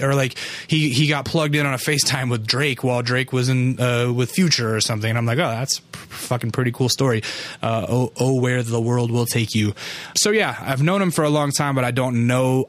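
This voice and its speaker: A man's voice: medium pitch, fairly bright tone, dry recording. A man hosting a podcast, telling a rambling, casual story intro full of fillers and swearing. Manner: loose and profane, full of fillers. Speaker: podcast host.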